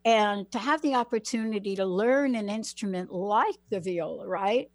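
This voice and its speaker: A woman from the Bronx running an interview, drawing her guest out with encouraging, reflective questions. Her voice sits at a middling pitch and is recorded dry and close. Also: normal speed, darkish tone, no room sound. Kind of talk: conversational interview.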